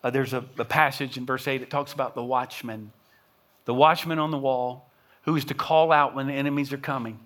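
A man's voice: mid-range voice, steady tone, fairly quick, fairly bright tone. A middle-aged man preaching a sermon as pastor, earnest and building to impassioned emphasis, often restarting words as he pushes a point.

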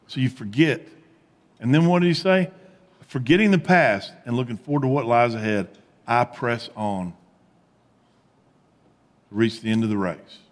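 A man preaching a sermon as pastor, animated, with rising emphatic peaks and quiet low asides. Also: normal speed, long pauses, long reverb tail.

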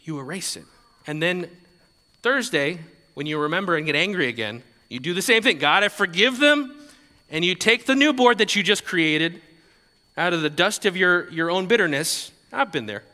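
A man's voice: sits high, expressive, moderate pace, bright, forceful tone, in a large hall. A male pastor giving a conversational sermon, often repeating words and adding light laughs.

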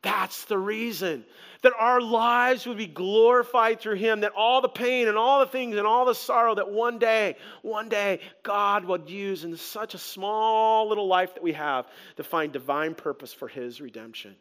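A man preaching a sermon as pastor, animated and conversational, with humor. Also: high voice, measured pace, clear, resonant tone.

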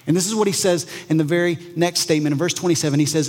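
A man preaches to his congregation in a casual, conversational way, slipping into lively voices when he quotes people. His voice sits a bit high for a man. A long reverb trails his words, as in a large hall. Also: racing, a little hiss or hum. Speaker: pastor. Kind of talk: sermon.

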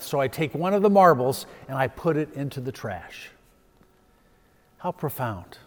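A man preaching a sermon as pastor, telling a story and swelling with emphasis before dropping soft. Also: medium pitch, lively intonation, measured pace, in a large hall.

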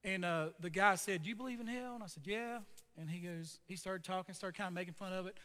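A man's voice: high-pitched, fast, sharp tone, big-room sound. A man preaching a sermon as a pastor, telling a story in a conversational way with frequent asides to the congregation.

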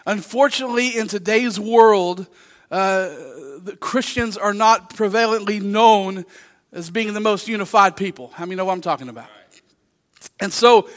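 Bright high-voiced animated male pastor. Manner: animated storytelling, acts out voices in anecdotes. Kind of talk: sermon.

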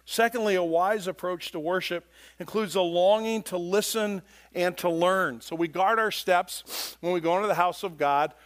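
A man's voice: high voice, moderate pace. A man preaching a sermon, earnest, rising in force as he reads scripture aloud, often repeating words as he thinks. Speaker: pastor.

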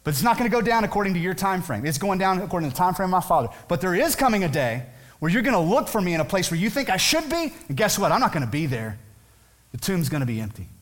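A man putting on the voice of a calm, confident young male teacher who speaks with quiet conviction. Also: high voice, fast. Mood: assured.

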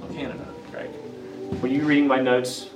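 A man from Virginia with a Southern accent, giving a lively classroom lecture and asking his audience questions. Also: medium pitch, moderate pace, over music. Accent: Southern US, Appalachian Virginia. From Grayson County, Virginia, USA. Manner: energetic, asks the audience questions often. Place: lecture room. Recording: echoey room, mic from a distance.

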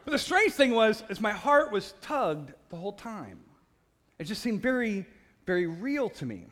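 In a high-pitched voice at normal speed, a man gives a personal faith testimony. Animated and self-mocking with laughter, he trips over repeated words and admits to being passionate and loud.

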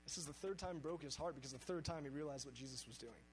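A man's voice: a little high, quick pace, faint music behind, low-quality recording. A man preaching a sermon, speaking earnestly and reading scripture aloud with emphasis.

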